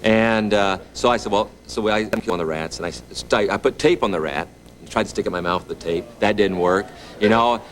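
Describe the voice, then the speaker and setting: A middle-aged man in his fifties spins a long story as a talk show guest, chuckling as he goes. His voice sits low and his words come quickly. A faint hiss of a TV studio hangs behind him. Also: rough recording. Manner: relaxed, chuckling raconteur. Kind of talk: anecdotal storytelling. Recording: TV studio with audience noise.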